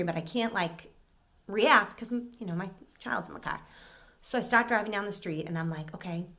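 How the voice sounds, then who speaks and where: A middle-aged woman from an Italian-American family, telling an exasperated story as a vlogger and acting out what people said. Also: mid-range voice. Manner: animated, exasperated, acts out quotes. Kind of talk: casual storytelling rant.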